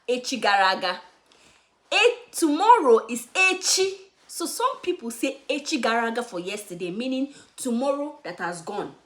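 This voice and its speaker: A woman's voice: fairly high pitch, a bit bright. A young Nigerian woman from Anambra with an Igbo accent, teaching Igbo words to beginners and repeating each word for learners to follow. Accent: Nigerian English, Igbo. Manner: slow, repeats words for learners with emphatic drilling. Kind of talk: beginner language lesson.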